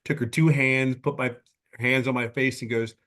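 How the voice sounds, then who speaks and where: Sharing a heartfelt testimonial on a webinar video call, a man in his fifties talks earnestly, halting and restarting his sentences. His pitch is medium, his tone steady and fairly bright.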